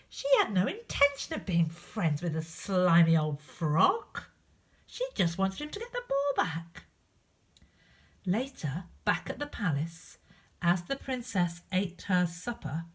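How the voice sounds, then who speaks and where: A woman reading a picture book aloud to children, expressive, with chatty asides to young listeners. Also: medium pitch, breathy edge. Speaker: storyteller.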